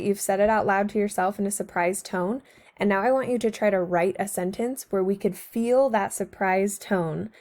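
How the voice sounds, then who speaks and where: A woman's voice: medium pitch, a little mellow. A woman teacher narrating a recorded slideshow lesson to her students, patient and encouraging, speaking to them directly.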